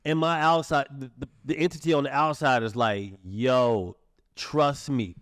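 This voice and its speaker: Animated swearing man on a podcast. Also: on the high side, fairly quick, clear, resonant tone, no echo, clean studio sound. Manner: animated, swears freely, acts out inner voices. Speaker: podcast host. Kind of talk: casual chat.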